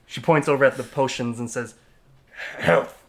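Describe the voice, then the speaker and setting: A young man narrating as dungeon master, talking in a halting way with many fillers and restarts. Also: medium pitch, fairly even intonation. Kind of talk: narrating a tabletop game.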